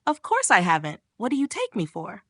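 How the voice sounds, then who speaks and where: A flustered young sister in a comic recap, shy one moment and snappy the next, as a woman reads her lines. Her voice is mid-pitched, dry and close to the mic. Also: huge pitch swings, a little fast, fairly bright tone, no echo. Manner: nervous, snappy.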